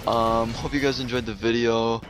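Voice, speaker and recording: A man's voice: mid-range voice, level tone, normal speed, a bit bright. A man telling a casual storytime vlog, rambling with many fillers and restarts. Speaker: gaming vlogger.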